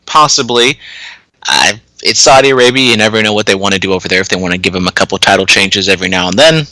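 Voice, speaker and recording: A man's voice: lowish voice, fast talker, pushed and bright, no echo, poor audio. A man co-hosting a casual wrestling podcast, giving opinions in a dry, wry way. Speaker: podcast co-host.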